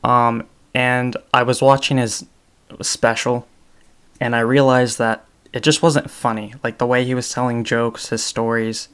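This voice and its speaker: A young adult man hosts his own podcast solo, speaking unscripted and off the cuff, thinking aloud and correcting himself. His mid-range voice stays fairly flat in pitch, unhurried, a bit bright, with a clear, resonant tone.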